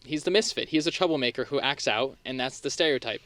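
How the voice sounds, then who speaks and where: A man's voice: medium pitch, fast talker. A young man co-hosting a podcast, chatting casually about a film with lots of fillers. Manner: relaxed, chatty, many fillers. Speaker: podcast co-host.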